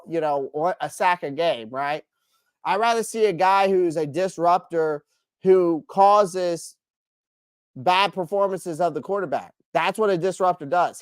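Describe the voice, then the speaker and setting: A man's voice: sits high, no room sound, clean studio sound. A man hosting a casual live stream, answering chat by name with strong opinions and frequent restarts.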